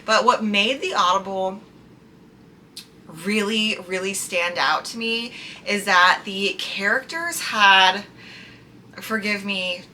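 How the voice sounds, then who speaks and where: Slow-talking, bright-voiced woman. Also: medium pitch, a little hiss or hum. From United States. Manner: gushing, chatty, with many "like" fillers. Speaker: book reviewer. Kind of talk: casual chat.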